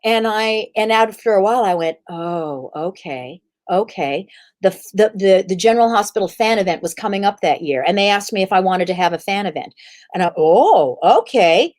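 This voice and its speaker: Animated woman telling stories. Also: medium pitch, fast talker. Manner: animated, acts out quoted voices. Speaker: actress guest. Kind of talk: interview storytelling.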